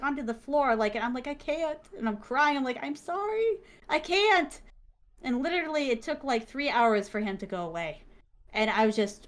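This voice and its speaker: A young woman, an interview guest, telling a story in casual chat, animated and full of fillers and exclamations. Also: on the high side.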